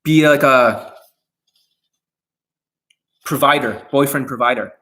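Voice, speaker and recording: A man's voice: medium pitch, takes it slowly, a bit bright. A man coaching viewers on dating in a livestream Q&A, talking bluntly and aggressively, swearing often and speaking straight at his audience. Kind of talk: profane livestream Q&A rant.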